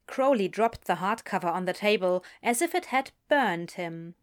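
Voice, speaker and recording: A woman reading a story aloud as narrator, expressive and unhurried. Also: medium pitch. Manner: slow, expressive storytelling with lively inflection. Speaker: reader.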